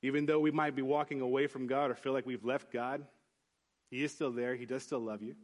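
In a mid-range voice and at a slightly quick pace, a male pastor recounts a personal story from the pulpit. He starts earnest and conversational with frequent restarts, then rises into an animated retelling complete with acted voices.

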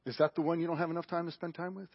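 A male pastor preaches with force, firing rhetorical questions and then dropping to a hush. His voice is husky and sits fairly high. The audio is dull and lo-fi, like a live broadcast. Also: flat delivery, racing. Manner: emphatic, rhetorical questions, big swings in loudness. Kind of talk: sermon.

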